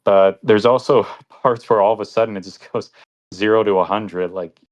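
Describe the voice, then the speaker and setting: A man's voice: lowish voice, steady tone, normal speed, dull audio. A young man co-hosting a podcast, reviewing an anime in casual chat, rambling and laughing often. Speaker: podcast co-host.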